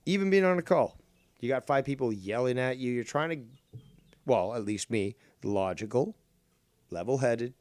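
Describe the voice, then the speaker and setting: Loud ranting man with a dry close sound. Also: medium pitch, lively intonation, moderate pace, no echo. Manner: loud, ranting, profane, mocking voices. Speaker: podcast host. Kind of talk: heated casual chat.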